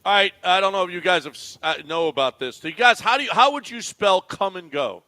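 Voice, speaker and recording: Wry male radio co-host with a bright voice. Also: sits high, animated, fast, no room sound. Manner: wry, teasing news delivery. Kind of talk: reading quirky news items in banter. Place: radio studio. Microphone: studio microphone.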